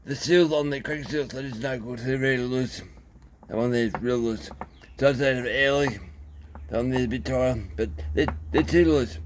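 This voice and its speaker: A man with an Australian accent, talking casually and haltingly through a chainsaw repair, with many fillers. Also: medium pitch, slight background noise. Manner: rambling, plain-spoken, halting with fillers. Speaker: small engine repairer. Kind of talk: casual workshop video.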